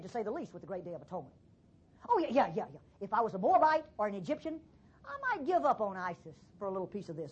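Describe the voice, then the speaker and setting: A woman preaching a sermon as dramatic storytelling, swinging from hushed passages to loud ones. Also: a little high, slightly rough. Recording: dull lo-fi recording.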